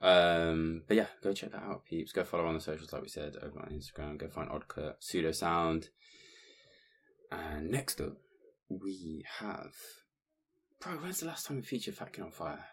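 A man's voice: low-pitched, animated, moderate pace, slight background noise. A man co-hosting a music podcast in casual, slangy chat, swearing freely. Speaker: podcast co-host. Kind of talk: casual chat between tracks.

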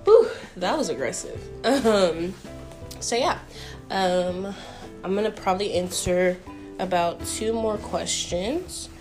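A young woman telling a story in a chatty, animated way, full of fillers, answering viewer questions. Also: medium pitch, slow, music in the background. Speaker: vlogger. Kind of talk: casual Q&A storytelling.

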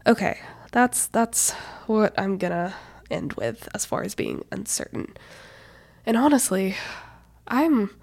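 A woman's voice: mid-range voice, expressive, slow pace, gravelly, darkish tone, no echo. A woman in her twenties hosting her own podcast in casual, rambling chat, a bit out of breath and with a stuffy nose. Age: 20s. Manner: chatty, rambling, lots of "like" and "you know". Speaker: podcast host.

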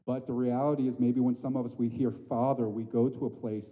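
A man in his thirties preaching a sermon, animated, rising to loud emphatic peaks and dropping to soft, hushed lines. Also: medium pitch, a little fast. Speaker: pastor. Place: church sanctuary. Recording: dull audio with long hall reverb.

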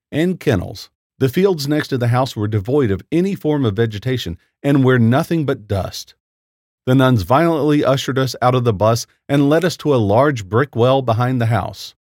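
A man narrating a first-person horror story in a lively, expressive storytelling voice. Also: mid-range voice, no room sound, studio quality. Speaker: story reader.

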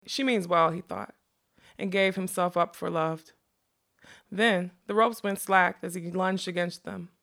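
A woman narrating a fantasy novel as an audiobook, in a measured, expressive storytelling manner. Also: fairly low pitch, vocal fry.

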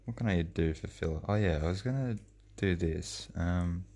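Gravelly deep-voiced man, dry jokes. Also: moderate pace, dark tone. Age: 30s. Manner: dry, joking, banters over his co-host. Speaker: podcast co-host. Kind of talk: casual podcast chat.

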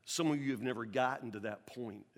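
A man preaching a sermon as pastor, earnest, with stammering restarts, swinging from loud to hushed. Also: medium pitch, fairly quick, long reverb tail.

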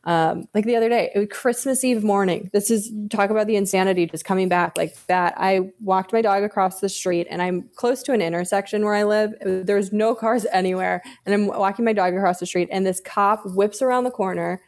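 A woman's voice: mid-range voice, steady tone, brisk, few pauses, a little mellow. A woman talking casually as a podcast guest, candid and swearing freely as she tells stories. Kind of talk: casual chat.

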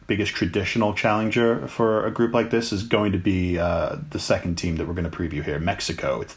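Lower-voiced male co-host, easygoing, casual football preview podcast. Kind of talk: casual sports chat.

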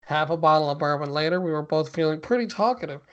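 A man's voice: a little high, animated, quick pace, fairly bright tone. A man co-hosting a podcast, reading a spooky story aloud with mock drama and stopping now and then to laugh and chat. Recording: dull lo-fi podcast audio.

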